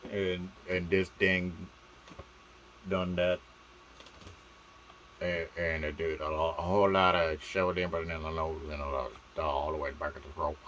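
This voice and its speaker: A man's voice: low voice, fairly even intonation, measured pace, long pauses, a bit bright, highs cut off, slight background noise. A man vlogging casually about doing voices, rambling and playful with fumbling restarts.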